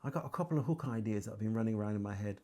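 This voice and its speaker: A man's voice: fairly low pitch, very fast. A middle-aged man from Birmingham speaks in an easygoing interview voice with a Birmingham accent. He tells his stories with life, slipping into other people's voices and humming bits of melody as he goes. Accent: Birmingham English. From England. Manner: animated storyteller, acts out dialogue and sings snippets. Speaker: interview guest, singer. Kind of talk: casual storytelling interview.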